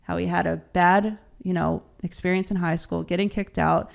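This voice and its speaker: A woman with a lowish voice and a lot of gravelly fry tells her story as an interview guest. She talks casually, laughs often and acts out what others said. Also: steady tone, moderate pace. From Baltimore, USA.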